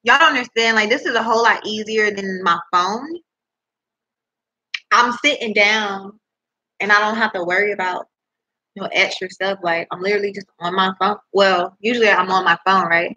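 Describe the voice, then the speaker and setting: A woman's voice: medium pitch, normal speed, bright, forceful tone, dull audio. A young woman vlogging casually from home into her laptop, chatty and rambling, eating as she talks and swearing in disbelief. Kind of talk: casual chat to camera. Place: at home indoors. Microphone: laptop microphone.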